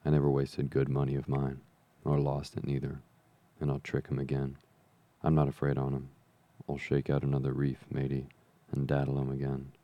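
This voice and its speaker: A man's voice: rumbling low, monotone, normal speed, no echo, muffled recording. A man reading as a feeble old pirate captain. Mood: blustering. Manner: rough sailor's slang, begging then blustering. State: feeble and weak. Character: sick old pirate sea captain, rough and pleading.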